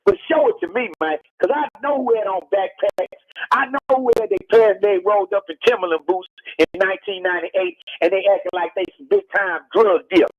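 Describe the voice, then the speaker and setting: Here a man from Texas, a rapper on a radio call-in, talks fairly quickly in a high-pitched voice, lecturing with emphasis and circling back to his arguments. The muffled phone audio is dry, fitting the heated tone of the interview.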